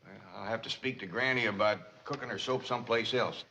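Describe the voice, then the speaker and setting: An actor playing a mild, easygoing middle-aged hillbilly with a slow, folksy drawl, in a 1960s sitcom. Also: male voice, lowish voice, sharp tone. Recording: dull old TV audio with faint hiss.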